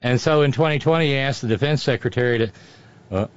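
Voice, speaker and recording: A man's voice: medium pitch, quick pace, no room sound, dull audio. Sarcastic man hosting a comedy show. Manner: sarcastic, mocking. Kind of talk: satirical political commentary.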